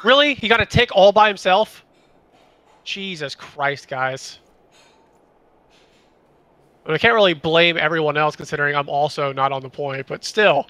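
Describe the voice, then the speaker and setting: A man's voice: a little high, normal speed, pauses often, bright, forceful tone, dry recording. A young man streaming a shooter game, chatting casually with friends and swearing at his teammates. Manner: swearing, reacting to gameplay. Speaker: streamer playing an online shooter. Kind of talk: casual gaming chat.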